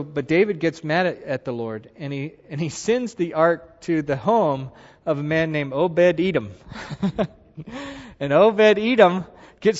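A man teaching a Bible passage in a relaxed, conversational way, retelling the story with animated asides. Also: a little high, in a large hall, lo-fi sound. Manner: animated, retells scripture with voiced quotes.

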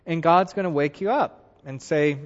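A man teaching a Bible passage in a relaxed, conversational way, retelling the story with animated asides. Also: on the high side, normal speed, long reverb tail, dull audio. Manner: animated, retells scripture with voiced quotes.

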